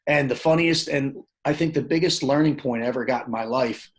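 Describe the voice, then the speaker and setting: In a rough recording, a man with a mid-range voice talks fairly quickly as a podcast guest sharing his personal story. Casual and plainspoken, he phrases things loosely, restarts often, and animatedly performs other people's quoted lines.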